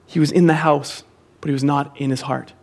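A man's voice: on the high side, little pitch movement, fairly quick, a little mellow. A pastor preaching a sermon to his congregation, repeating key phrases for emphasis and calling the listeners to say them back with him.

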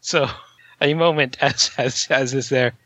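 A man's voice: medium pitch, steady tone, unhurried, fairly bright tone, no echo. A man co-hosting a casual podcast chat, stammering a little and giggling.

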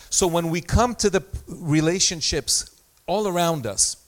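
A man's voice: fairly high pitch, measured pace. A man preaching a sermon as pastor, talking in a conversational way with self-deprecating asides and small stories.

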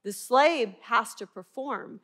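A woman's voice: fairly high pitch, takes it slowly, a bit bright. A middle-aged woman from Arkansas with a Southern twang, teaching the Bible earnestly and emphatically, often asking her listeners rhetorical questions. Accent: Southern American twang. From Arkansas, USA.

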